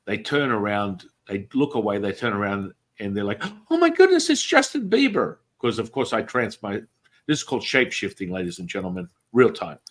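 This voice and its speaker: A man's voice: fairly low pitch, brisk. A man guest telling street hypnosis stories in a casual chat, acting out quotes in other voices. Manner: animated, acts out quotes in many voices.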